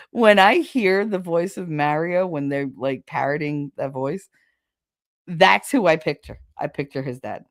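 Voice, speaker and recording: A woman's voice: deep voice, unhurried, no echo, studio quality. A woman hosting a podcast, telling gossipy, frank family stories in a casual chat and laughing often. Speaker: podcast host.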